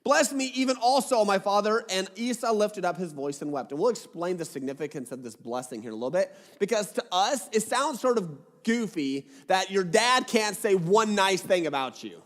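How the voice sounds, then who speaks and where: A high-pitched man preaches in a church hall, his voice trailing off in a long reverb. He reads scripture aloud, then drops into joking, casual asides. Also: sing-song, normal speed, hardly any pauses, fairly bright tone. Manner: jokey, casual asides between readings. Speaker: pastor. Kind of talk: sermon reading and explaining scripture.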